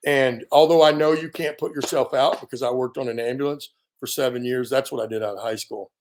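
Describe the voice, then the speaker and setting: An American man in his fifties, a veteran guest on an interview, telling a story in a casual, animated way and filling pauses with ums and you-knows. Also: mid-range voice, slight background noise. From United States. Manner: animated storyteller, acts out quoted dialogue, frequent fillers.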